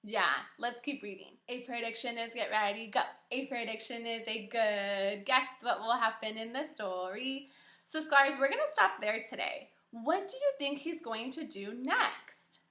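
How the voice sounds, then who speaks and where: A young woman teacher reading a story aloud to kindergarteners, animated and encouraging, asking the children questions. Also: on the high side, normal speed. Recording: echoey room.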